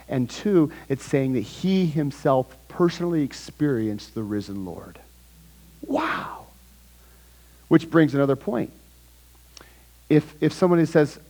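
A man preaching a sermon, talking casually with the congregation, asking them questions, with sudden loud bursts and quiet asides. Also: medium pitch, slightly rough, rough recording. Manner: animated, with sudden loud outbursts and hushed asides; conversational, asks the congregation questions. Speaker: pastor.

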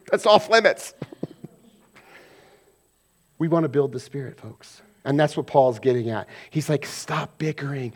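Conversational preacher, man, slightly high voice. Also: expressive, breathy edge. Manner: conversational preaching, swings between loud emphasis and quiet asides; acts out everyday quarrels in quick mock voices. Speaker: pastor. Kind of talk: sermon.

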